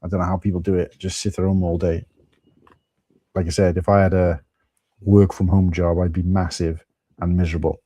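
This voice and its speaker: Welsh guy hosting a live stream, low dark voice, chatty and friendly, calls everyone mate. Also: flat delivery, brisk, long pauses, slightly rough. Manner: chatty, addresses viewers as mate. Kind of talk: casual live-stream chat.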